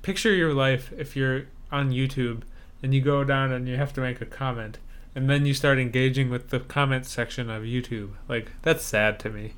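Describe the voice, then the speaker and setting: A man's voice: mid-range voice, fairly even intonation, normal speed, a bit bright, clean tone. A man co-hosting a podcast in casual chat, making wry, incredulous remarks. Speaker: podcast co-host.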